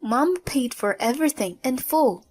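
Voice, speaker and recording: A confident adult daughter, as a woman narrator puts her on speaks in a breezy, mocking way. The voice is fairly high and unhurried, with faint music in the background. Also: expressive, a little mellow. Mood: teasing.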